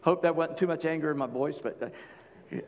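Man preaching a sermon, folksy and conversational, slightly high voice, long hall reverb. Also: moderate pace, darkish tone. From Charleston, South Carolina. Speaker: pastor.

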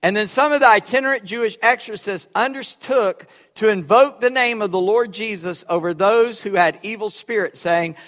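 A man with a fairly high voice preaches a sermon in a church. He swings from loud, emphatic lines to quiet, wry asides, and the sound rings out with the long reverb of a large sanctuary. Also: normal speed, few pauses. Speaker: pastor. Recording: echoey hall with long reverb.

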